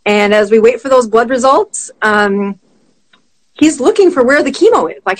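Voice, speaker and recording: A middle-aged woman, a physician guest, telling a personal story in conversation, animated and quick to laugh. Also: on the high side, rough recording.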